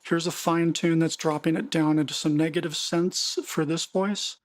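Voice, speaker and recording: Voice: mid-range voice, little pitch movement, normal speed. A music production tutor walking through synth settings in a casual, explanatory way, often repeating words and correcting themselves mid-sentence. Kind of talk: screen-recorded software tutorial.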